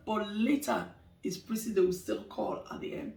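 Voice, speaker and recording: A woman's voice: medium pitch, moderate pace, creaky, a little mellow, reverberant, distant mic. A middle-aged woman giving life advice in a casual talk, emphatic and preachy, repeating phrases for stress. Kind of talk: casual motivational talk to camera.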